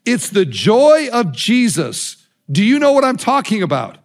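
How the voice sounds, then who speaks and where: A man's voice: high-pitched, huge pitch swings, measured pace, full character voice. A preacher retelling a joyful 82-year-old man. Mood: beaming. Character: joyful elderly man, 82, overflowing with delight.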